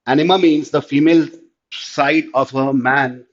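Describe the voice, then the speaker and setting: A man with an Indian English accent teaching an online class, explaining step by step and often asking whether it is clear. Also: medium pitch, fairly even intonation, unhurried. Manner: explanatory, checks understanding with repeated "clear?", mixes in Hindi. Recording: slightly dull lo-fi audio.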